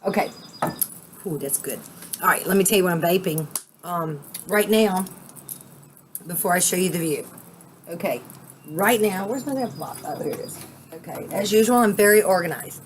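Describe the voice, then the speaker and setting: A chatty young woman rambles excitedly through a casual outdoor vlog, her voice sitting a little low for a woman. Faint outdoor ambience hums behind her. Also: moderate pace, pauses often, a little hiss or hum. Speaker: vape vlogger. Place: outdoors at a rural cabin.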